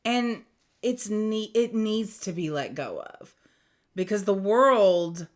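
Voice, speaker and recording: A woman giving a casual, rambling tarot reading, chatty and quick to laugh. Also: lowish voice, expressive. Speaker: tarot reader.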